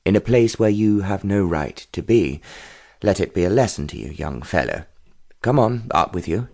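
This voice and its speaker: A man's voice: deep voice, expressive, moderate pace, creaky, darkish tone, heavily acted. A man playing a cool, cultivated young lord. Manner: cool, dry and commanding.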